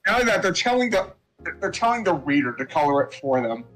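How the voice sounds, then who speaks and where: A man's voice: high voice, sing-song, quick pace, fairly bright tone, soft background music, low-quality recording. A man co-hosting a casual livestream podcast, with a dry, wry manner. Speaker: podcast co-host.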